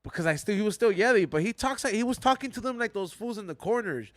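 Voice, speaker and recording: A man's voice: sits high, expressive, fast, a bit bright, dry recording, studio quality. A man co-hosting a podcast, telling loose, profane stories and acting out the people in them, often laughing. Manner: loose, profane storytelling with laughter and acted-out quotes. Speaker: podcast co-host. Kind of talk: casual chat.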